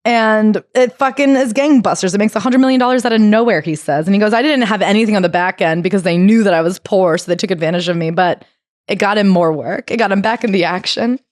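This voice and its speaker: A woman's voice: medium pitch, fast, no room sound, clean studio sound. A woman co-hosting a book club podcast, recapping a memoir in casual chat and swearing now and then. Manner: reads quotes aloud and swears casually. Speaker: podcast co-host.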